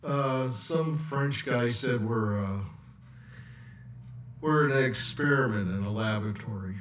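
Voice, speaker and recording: Slow, sarcastic man ranting off-mic. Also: mid-range voice, fairly bright tone, far from the mic, a little hiss or hum. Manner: rambling, sarcastic, with long pauses. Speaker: political commentator. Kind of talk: political rant vlog. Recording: echoey room, away from mic.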